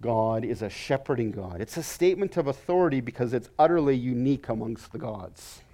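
Guy teaching a bible lesson, earnest, keeps stammering and repeating himself, mid-pitch voice. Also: expressive, fairly quick, dark tone.

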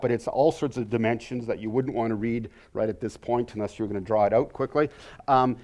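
A man's voice: mid-range voice, a little mellow. A man teaching a Bible lesson in an earnest way, often stammering and repeating words as he explains.

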